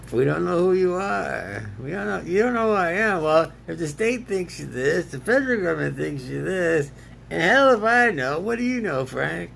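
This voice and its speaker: A man with a deeply gravelly, fry-heavy voice sitting a bit high for a man. He rambles slowly in a loose self-talk monologue, breaking into laughs and answering himself. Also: big pitch swings, fairly bright tone, a little hiss or hum. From United States. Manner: laughs often, argues with himself in two voices.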